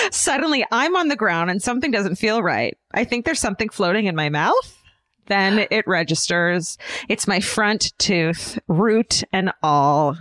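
Animated woman reading a listener email. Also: medium pitch, no echo. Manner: reads aloud with jokey asides, animated. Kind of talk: casual comedic podcast chat.

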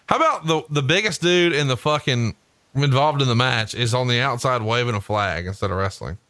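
Profane, bright-voiced man, dry sound. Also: mid-range voice, a little fast, no room sound. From Huntsville, Alabama. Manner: profane, jokey, laughs often. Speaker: podcast co-host. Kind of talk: casual wrestling chat.

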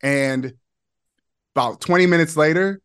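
A man in his forties telling a personal story as a podcast guest, excited, with quick bursts and laughing asides. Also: fairly high pitch, clean tone. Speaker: podcast guest, former player. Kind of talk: animated storytelling.

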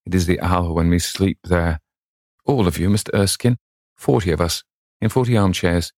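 A courteous, formal old gentleman, voiced by a man in a storybook reading, who speaks slowly and with old-fashioned politeness. The voice is very deep with a gravelly edge, recorded dry and close. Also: steady tone, no echo.

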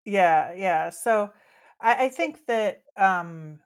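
A woman's voice: mid-range voice, lively intonation, drawn-out words, clear, resonant tone. A young adult woman co-hosting a hockey podcast, chatting casually and upbeat with many fillers. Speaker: podcast co-host.

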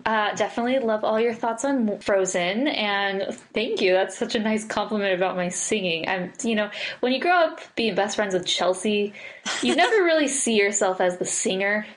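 A woman's voice: medium pitch, lively intonation, moderate pace. A woman co-hosting a casual podcast, chatty and upbeat, laughing easily. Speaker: podcast co-host.

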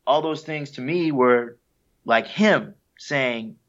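A man's voice: mid-range voice, takes it slowly. A man, a guest musician, talking casually and reflectively in an interview, sharing heartfelt stories with an easy laugh. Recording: dull lo-fi sound.

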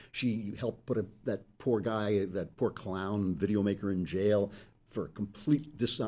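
A man's voice: on the low side, dark tone. A middle-aged man hosting political commentary, delivering an emphatic, sarcastic opinion monologue. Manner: emphatic, sarcastic, interrupts himself with asides.

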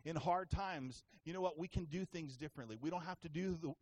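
A man's voice: on the high side, fairly quick, slightly rough. A middle-aged man pastor preaching a sermon with energy, calling the congregation to answer back. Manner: energetic, calls congregation to respond.

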